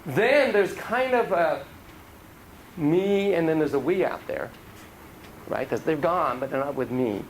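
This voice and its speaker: A man's voice: on the high side, expressive, a little slow, pauses often, a little hiss or hum, low-quality recording. A man giving a casual, joking lecture on child psychotherapy to a class, acting out dialogue in different voices.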